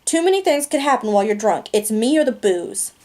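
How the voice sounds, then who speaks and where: A woman reading aloud, voicing a sharp-tongued, proud teenage girl with a raised, pointed delivery. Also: a little high, fairly quick, natural voice. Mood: indignant.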